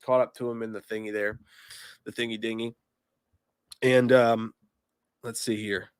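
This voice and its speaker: A man's voice: on the low side, flat delivery, unhurried, clean tone, dry recording. A man hosting a casual movie livestream, reading chat comments aloud with lots of swearing and jokes, congested and coughing from being sick. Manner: profane, jokey, reads chat comments aloud. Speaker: livestream movie podcast host.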